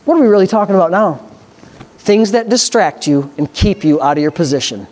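In this sermon, a man with a high-pitched voice builds toward excitement, alternating between reading scripture slowly and preaching loudly with great fervor.

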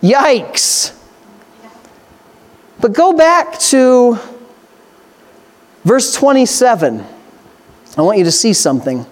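High-voiced man preaching emphatically. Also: very animated, slow, pauses often. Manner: emphatic preaching with rhetorical questions and Scripture reading. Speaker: pastor. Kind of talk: sermon.

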